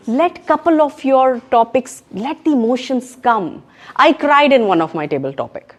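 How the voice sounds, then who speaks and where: A woman with a Pakistani accent giving an emphatic, animated talk on public speaking at a club meeting. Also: high voice, measured pace. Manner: emphatic and animated, mixing in Urdu phrases. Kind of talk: education session talk. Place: meeting room in a co-working space.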